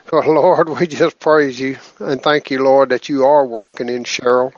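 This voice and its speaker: A man's voice: medium pitch, steady tone, normal speed, dry recording, highs cut off. A man leading spoken prayer on a phone conference call, earnest and repetitive, returning to "Lord" between phrases. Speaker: prayer line leader.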